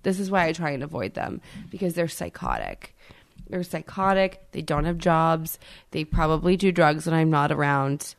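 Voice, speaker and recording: A woman in her thirties co-hosting a podcast, chatting casually and bluntly with plenty of swearing, loud and emphatic when ranting. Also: deep voice, sing-song, moderate pace. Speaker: podcast co-host. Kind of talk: casual chat.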